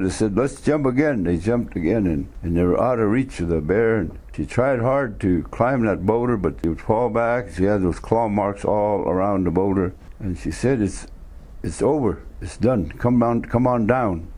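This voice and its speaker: Low-voiced man telling a legend. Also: dark tone. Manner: unhurried, plain-spoken, with pauses and restarts. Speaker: storyteller.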